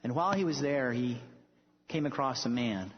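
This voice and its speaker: A man's voice: mid-range voice, animated, normal speed, husky. A male preacher giving a sermon, telling stories emphatically and building to bold declarations. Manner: emphatic storytelling, rising to declarations. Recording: echoey hall, dull lo-fi sound.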